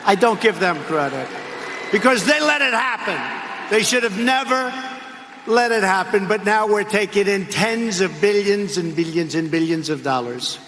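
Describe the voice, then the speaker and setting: An older man speaks at a rally, his voice pitched very high and pushed bright and forceful. He rambles, repeats himself and throws in mocking asides. The clip rings with long hall reverb over faint background noise. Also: animated, moderate pace. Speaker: politician giving a rally speech. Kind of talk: rally speech. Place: large arena or hall.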